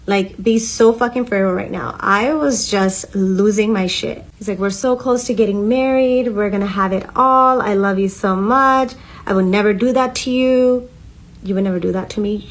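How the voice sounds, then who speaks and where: A woman's voice: medium pitch, rough recording. A young woman vlogger telling a candid, emotional story in a casual storytime while getting ready. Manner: candid, heated and emotional retelling.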